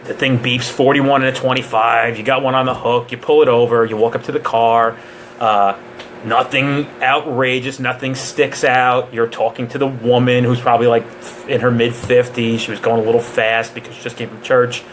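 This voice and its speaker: A man's voice: mid-range voice, little pitch movement, normal speed, fairly bright tone, a little hiss or hum. Casual, joking police trainer man. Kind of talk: live Q&A training talk.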